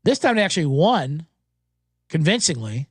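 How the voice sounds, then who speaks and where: A man's voice: on the high side, big pitch swings, normal speed, breathy edge, no echo, studio quality. A man hosting a sports betting show, recapping games in a rambling, profane, joking way and slipping into mocking voices.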